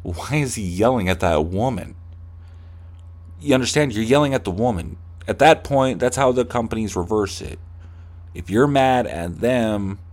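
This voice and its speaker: A podcast host with a lowish, slightly mellow male voice launches into a comedic rant. He swears heavily and keeps slipping into mocking impressions of corporate staff.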